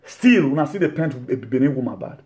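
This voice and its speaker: A man preaching a sermon, mixing laughing asides with shouted rebukes. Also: mid-range voice, animated, brisk.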